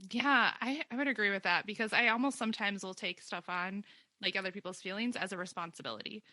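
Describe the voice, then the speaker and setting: A woman's voice: mid-range voice, quick pace, sharp tone, no room sound. A young adult woman hosting a podcast interview, talking in a casual, rambling way with many fillers. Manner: chatty and rambling, with frequent fillers and laughs. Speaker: podcast host.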